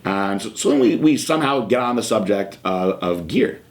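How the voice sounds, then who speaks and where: A man's voice: on the low side, expressive, normal speed. A man in his thirties hosting a podcast, telling a story in a frank, casual way with frequent fillers. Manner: frank, conversational, filler-heavy. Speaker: podcast host.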